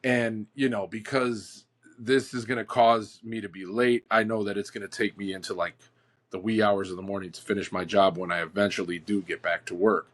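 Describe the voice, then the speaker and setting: Man, podcast co-host, animated storyteller, casual, throws in "like" and "dude" a lot. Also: on the low side, normal speed. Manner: animated, acts out quotes, says "like" and "dude" often.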